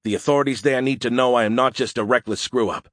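A man's voice: medium pitch, quick pace, no room sound, close to an everyday voice. A man playing a weary, sardonic human soldier in an audiobook, speaking dryly. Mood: wry. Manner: dry and sardonic. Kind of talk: audiobook dialogue.

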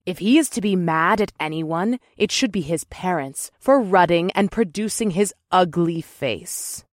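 A male narrator plays a red-skinned half-demon woman with a sharp tongue in this storybook reading. She speaks in a commanding, sarcastic tone, raised well above a man's usual pitch. The sound is close and dry. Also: animated, unhurried, dry recording. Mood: mocking. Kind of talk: audiobook narration.

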